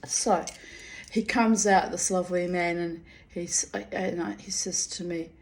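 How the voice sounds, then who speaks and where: A woman's voice: on the low side, steady tone, measured pace. A woman telling a personal story in a casual, candid way, often breaking into giggles and swearing freely. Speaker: storyteller reading her own diary.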